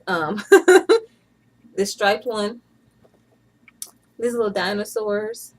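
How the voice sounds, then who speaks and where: This thirtysomething woman from Atlanta, USA, speaks extremely slowly in a steady, medium-pitched voice on a low-quality recording. She's a vlogger chatting playfully at home, with occasional bursts of laughter.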